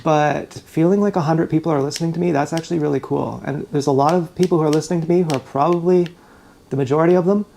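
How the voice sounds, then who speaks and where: A gravelly, creaky voice vents in a rambling, profane live vlog, upset and fired up. It sits at a middle pitch and is picked up on a GoPro camera indoors, with faint noise in the background. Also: fairly even intonation, fast, dark tone. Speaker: YouTuber. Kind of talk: emotional venting vlog.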